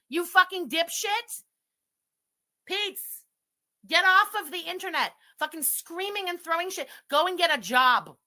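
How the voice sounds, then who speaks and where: A woman livestreamer on an angry, profane rant, shouting insults at her audience. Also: high voice.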